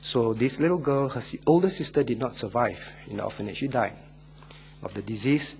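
A man preaching a sermon and leading a closing prayer, earnest, swinging from loud stressed words to hushed lines and drawing key words out slowly. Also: mid-range voice, vocal fry, a little hiss or hum.

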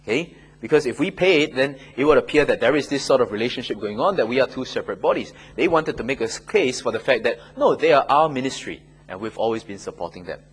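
A man's voice: mid-range voice, expressive, quick pace, husky, poor audio. A man teaching a Bible class, answering questions conversationally and often checking in with "okay?" and "right?".

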